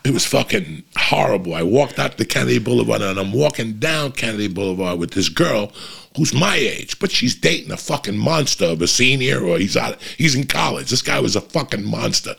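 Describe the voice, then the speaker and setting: A man telling a profanity-heavy story in casual talk, jumping up in pitch for emphasis. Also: brisk. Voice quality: gravelly and husky. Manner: animated, swears constantly, jumps in pitch for emphasis.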